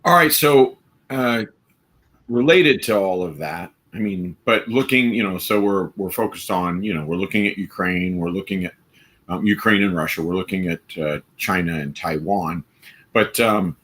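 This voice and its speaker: A man with a bright, sharp-edged voice hosts a live stream. He talks in an emphatic, rambling way and breaks into mocking quotes now and then. The pitch sits in an ordinary middle range. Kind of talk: opinionated live stream commentary.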